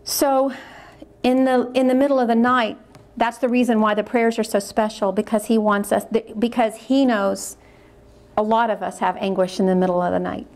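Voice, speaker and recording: A woman's voice: a little high, level tone, normal speed, a little mellow. A woman speaking at a religious conference, reading diary passages aloud and commenting on them in an earnest way, repeating words when she is moved.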